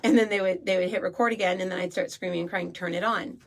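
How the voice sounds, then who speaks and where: A woman's voice: lowish voice, fairly even intonation, quick pace. A woman radio host talking in a casual, rambling way about spirituality, with many fillers and asides.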